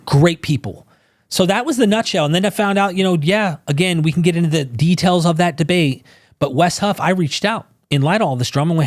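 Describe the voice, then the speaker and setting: An emphatic man speaking as a guest on a podcast, explaining with fervent conviction. His voice sits a little high for a man. It is recorded dry, with no room sound. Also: a little fast, no echo. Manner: fervent, emphatic, acts out quoted people. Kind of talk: impassioned conversational storytelling.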